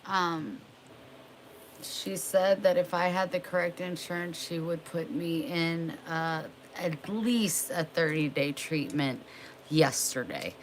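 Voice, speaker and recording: Young woman livestreamer, low voice, slow easy delivery, chats with viewers by name. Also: slight background noise, low-quality recording. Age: young adult. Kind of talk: casual livestream chat.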